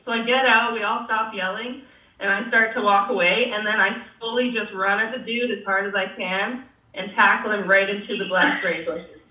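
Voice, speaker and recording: A woman's voice: mid-range voice, fairly even intonation, normal speed, bright, forceful tone. A young woman telling a story in casual chat, swearing freely and laughing as she goes. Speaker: guest. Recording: roomy, distant, dull sound.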